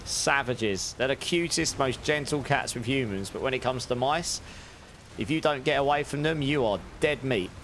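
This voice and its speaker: A young man chats away easily while he plays a game on stream, his voice mid-pitched and slightly sore from talking too much. There is a faint hiss of noise behind him. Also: moderate pace. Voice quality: chatty, friendly, thanks viewers warmly. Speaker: livestreamer playing a game. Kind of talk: casual gameplay chat with viewers.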